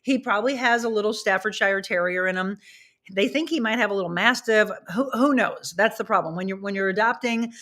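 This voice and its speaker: A woman's voice: mid-range voice, fairly quick, a bit bright. A middle-aged woman hosting a casual chat with viewers, rambling chattily and stopping to talk to her dogs. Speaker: livestream host.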